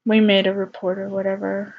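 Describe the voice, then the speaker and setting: A woman's voice: medium pitch, completely flat delivery. Subdued young woman telling a personal story. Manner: halting, subdued, many fillers like "like" and "um". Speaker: vlogger. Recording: slightly dull lo-fi recording.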